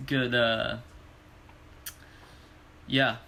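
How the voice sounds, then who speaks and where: A man's voice: mid-range voice, little pitch movement, extremely slow, bright, forceful tone, a little hiss or hum. A young man co-hosting a casual sports podcast, laid-back, laughing easily and rattling off stats. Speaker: podcast co-host.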